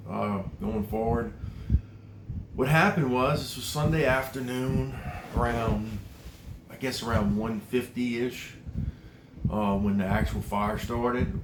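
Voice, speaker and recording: Middle-aged male vlogger, earnest and emotional, echoey room with noise behind. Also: mid-range voice. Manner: earnest, emotional, rambling with fillers. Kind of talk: casual storytelling vlog.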